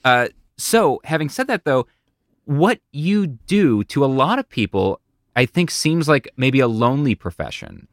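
A man who hosts the conversation and speaks professionally, asking questions in a chatty, animated way with frequent stammered restarts. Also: mid-range voice, a little slow, no room sound, clean studio sound. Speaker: interview host and speaker. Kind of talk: casual interview conversation.

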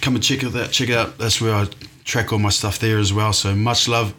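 A man's voice: lowish voice, steady tone, a little fast, bright, forceful tone, slight background noise. A man from New Zealand with a New Zealand accent, a podcast guest talking casually and enthusiastically, laughing often.

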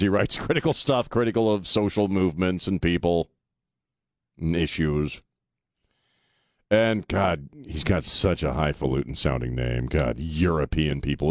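Talk radio host, male, low-pitched, blunt and sarcastic, close dry studio sound. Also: dry recording. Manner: blunt, sarcastic, laughs often. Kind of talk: opinionated talk radio monologue. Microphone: studio microphone.

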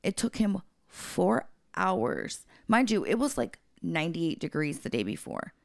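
Casting: low-pitched woman with a gravelly edge, blunt and profane, dry close mic. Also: big pitch swings, a little slow, no echo. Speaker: podcast co-host. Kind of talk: casual storytelling chat.

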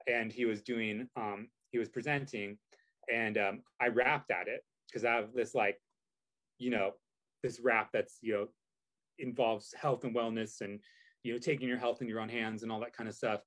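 A man's voice: mid-range voice, fairly even intonation, moderate pace, a bit bright. A man telling a story in casual chat, rambling with many fillers and restarts. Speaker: guest.

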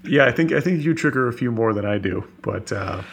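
Gravelly-voiced man talking casually on a call. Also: medium pitch, animated, slight background noise. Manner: fast, filler-heavy talk with many restarts. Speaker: podcast guest. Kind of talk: casual conversation. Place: home office on a video call. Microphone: video call.

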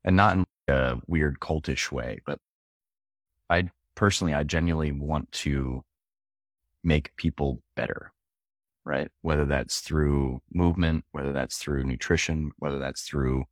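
Fitness coach from Philly, extremely deep male voice, earnest and easygoing, dry close sound. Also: no room sound. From Philadelphia. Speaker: CrossFit coach and gym owner. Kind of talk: casual interview chat.

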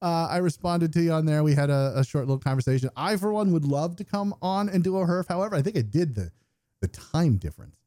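A man's voice: a little high, lively intonation, quick pace, mellow, no room sound, clean studio sound. An American man co-hosting a podcast, chatting casually, swearing and joking at his own expense. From United States. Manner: profane, joking, self-deprecating. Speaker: podcast co-host. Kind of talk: casual chat, reading listener feedback. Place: home, remote call.

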